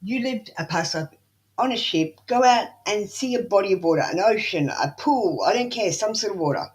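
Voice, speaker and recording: A woman hosting a live-stream tarot reading, talking in a flat, matter-of-fact tone and bluntly scolding viewers who ignore her instructions. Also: medium pitch, moderate pace, slightly rough.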